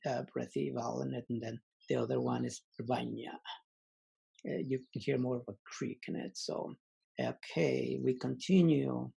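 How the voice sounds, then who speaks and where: A man teaches an online language lesson, slowly repeating example words and pausing with many fillers. His medium-pitched voice is gravelly and dark, with a breathy edge.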